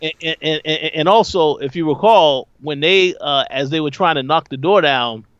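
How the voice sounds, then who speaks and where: A man co-hosting a podcast, adding points to an episode recap in a measured, hedging way. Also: on the high side, a bit bright, clean tone, dry recording, lo-fi sound. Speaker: podcast co-host. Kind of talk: casual recap chat.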